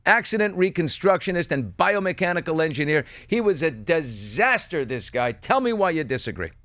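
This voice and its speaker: Male talk host, New York born, high-ish, swinging pitch, pointed and opinionated. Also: no room sound, clean studio sound. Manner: animated, pointed, rhetorical questions. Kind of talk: opinionated talk show banter.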